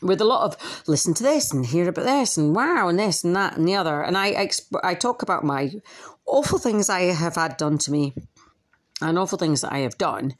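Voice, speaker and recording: Candid, swearing woman podcaster. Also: on the low side. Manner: candid, swearing, animated quoting with laughs. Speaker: podcast host and author. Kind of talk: casual personal podcast monologue. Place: at home with a dog nearby.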